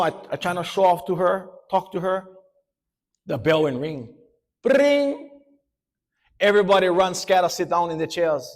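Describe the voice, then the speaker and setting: A motivational speaker from Hawaii with a Hawaiian Pidgin accent and a fairly high voice tells students a story, animated and laughing as he slips into character voices.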